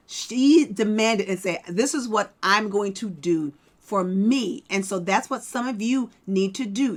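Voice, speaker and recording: A middle-aged woman hosting a vlog, giving an emphatic motivational talk to her viewers and repeating her key points. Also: medium pitch. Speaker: vlog host.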